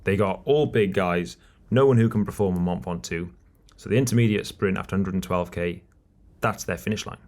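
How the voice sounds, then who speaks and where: A man co-hosting a cycling podcast, talking in an animated, teasing way about the race. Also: sits low, a little fast. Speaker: podcast co-host, race commentator. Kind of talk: casual podcast chat.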